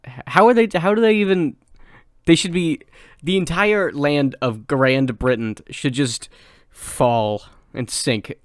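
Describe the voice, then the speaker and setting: A man's voice: fairly high pitch, measured pace, no room sound, studio quality. A young man co-hosting a podcast, rambling in crude, playful banter. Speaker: podcast co-host. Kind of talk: casual banter.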